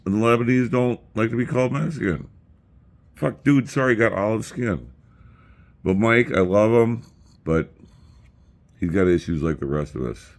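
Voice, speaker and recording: A middle-aged man casually rambling through family photos, crude and joking as he tells stories. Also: low-pitched. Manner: crude, joking, profane storyteller. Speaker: vlogger showing family photos.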